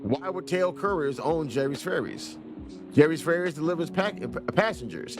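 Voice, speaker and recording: A man with a slightly high, animated voice casually reviews an indie game at normal speed, with game music playing behind him. Playful throughout, he reads the dialogue aloud in silly voices as a let's play reviewer.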